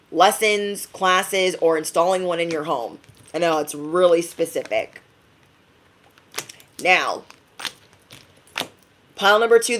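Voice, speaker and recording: Young woman, tarot reader, talkative and playful, lots of laughs and quick impressions. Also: lowish voice. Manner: chatty, laughing, slips into playful quoted voices. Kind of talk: intuitive reading to viewers.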